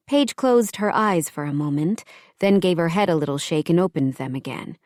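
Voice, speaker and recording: A woman reading an audiobook romance in calm, even scripted narration. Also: lowish voice, brisk, no echo, clean studio sound.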